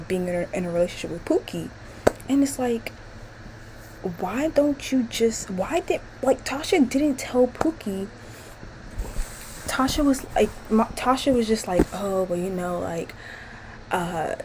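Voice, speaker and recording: A woman vlogger ranting casually to camera at home, animated, swearing and exasperated. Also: mid-range voice, a little hiss or hum, rough recording. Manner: animated, profane, exasperated, laughing often. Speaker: vlogger ranting about a TV series.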